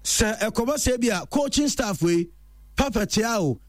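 A man presenting a chatty football news roundup in an animated storytelling way. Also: high-pitched, measured pace, no echo, clean studio sound.

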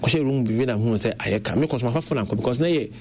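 A man's voice: mid-range voice, fast talker. A young Ghanaian man with a Ghanaian accent, telling stories in a casual conversation and mixing Twi with English. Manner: animated, switching between Twi and English. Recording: faint background noise.

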